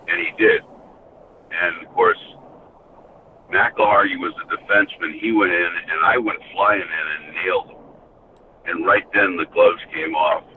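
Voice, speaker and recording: Deep-voiced older man on a phone line. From United States. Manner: rambling anecdotes with frequent "you know". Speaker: podcast guest, former hockey enforcer. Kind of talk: casual storytelling. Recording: tinny phone line with faint hiss.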